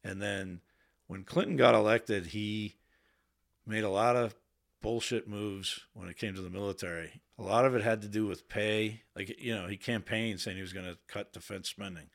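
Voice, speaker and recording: A man with a fairly low voice tells his stories in a relaxed, unpolished way. He swears freely and sometimes raises his voice to act out what he or others said. He speaks as a guest in a podcast studio. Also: moderate pace, creaky. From Boston area. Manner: candid, swears freely, quotes himself in raised voice. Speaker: podcast guest, Navy veteran. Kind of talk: casual storytelling.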